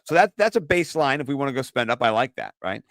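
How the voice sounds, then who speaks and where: An excitable man co-hosting a sports podcast, rambling through his picks with plenty of fillers and the odd curse. His voice sits at an ordinary pitch. It is recorded close and dry, with no room sound. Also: quick pace, no room sound. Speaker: podcast co-host. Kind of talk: casual sports chat.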